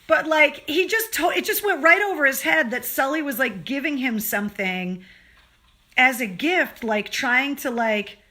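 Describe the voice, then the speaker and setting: A woman hosting a casual livestream, telling a story with lively acted-out dialogue that rises to excited, loud outbursts. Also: high voice, a little slow. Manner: animated, acts out dialogue, gets loud and excited. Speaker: host. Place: home, on a live stream.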